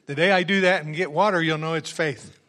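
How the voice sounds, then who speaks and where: A man preaching a sermon and reading scripture verse by verse, moving from quiet, chatty asides to loud, exuberant exclamations. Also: on the high side, fairly even intonation, a little fast.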